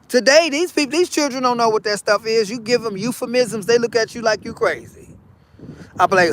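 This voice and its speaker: A man's voice: very high-pitched, normal speed, slight background noise. A man vlogging a casual spiritual monologue, folksy and repetitive, calling his viewers honey and y'all. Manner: animated, preachy.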